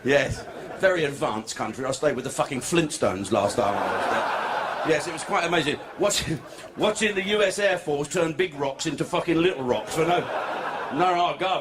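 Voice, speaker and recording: A man's voice: fairly high pitch, moderate pace. A man doing a crude, profane stand-up comedy set in a comedy club. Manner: crude, profane, swearing constantly. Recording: noisy club recording.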